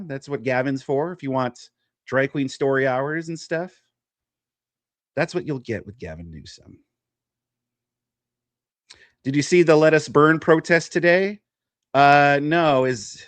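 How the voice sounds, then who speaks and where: A man's voice: mid-range voice, dry recording. A man hosting a live political stream, ranting in a sarcastic, mocking way. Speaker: host. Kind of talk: casual political talk.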